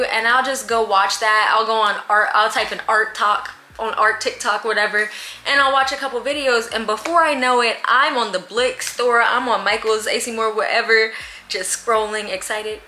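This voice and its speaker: A woman's voice: on the high side, steady tone, moderate pace, pushed and bright. Young woman vlogging at home, chatty n candid, lots of slang, kinda echoey room. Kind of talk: casual chat answering viewer questions.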